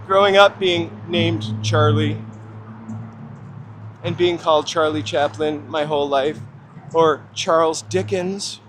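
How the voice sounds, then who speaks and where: A middle-aged man talks to his viewers while walking city streets, his voice sitting a little high for a man. He jokes and teases himself in a loose, chatty way, filmed on a handheld walking camera with faint traffic noise behind him. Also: steady tone, slow, pauses often. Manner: chatty, joking, self-deprecating asides to viewers. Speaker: live-stream walking host. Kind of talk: casual walking live-stream chat. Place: outdoors on downtown city streets and through tunnels. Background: city traffic ambience.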